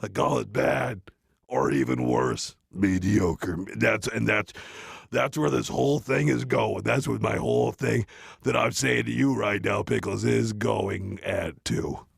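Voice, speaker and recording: A man giving a rambling, deadpan comic monologue full of restarts and asides, close to the mic. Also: lowish voice, unhurried, creaky, husky, dry recording. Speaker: comedian doing a parody reading.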